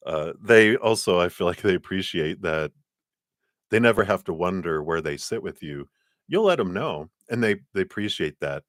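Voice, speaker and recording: A man with a very low, deep voice talks through a live tarot reading. He is chatty and animated and laughs often. The sound is dry and close, with no room echo. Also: normal speed. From lives in Colorado. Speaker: tarot card reader.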